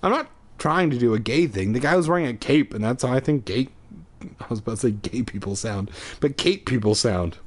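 A man's voice: mid-range voice, lively intonation, a little fast. A man casually reading a kids' horror book aloud, breaking off for swearing, self-mocking asides while drinking. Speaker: amateur reader.

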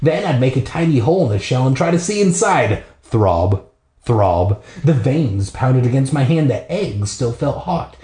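A man's voice: mid-range voice, big pitch swings, a little slow, warm tone, roomy sound. A man hosting a podcast, reading a children's book aloud with irreverent, profane comic asides, recorded in a bathroom.

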